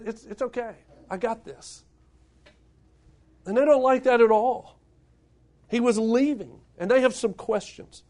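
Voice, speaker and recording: A middle-aged man, preaching a sermon to his congregation, building up to emphatic points and putting questions to them. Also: extremely high pitch. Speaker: pastor.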